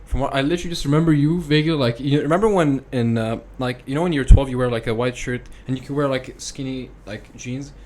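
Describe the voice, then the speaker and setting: A man's voice: mid-range voice, fast, hardly any pauses, a little mellow. A young YouTuber guest chatting casually on a podcast, padding his talk with "like" and other fillers. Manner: chatty, filler-heavy, lots of "like". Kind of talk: casual chat.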